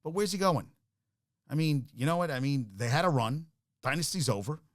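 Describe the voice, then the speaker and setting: A man's voice: fairly high pitch, animated, fairly quick, dry recording, studio quality. A man hosting a sports talk show, ranting casually and profanely, worked up and full of restarts.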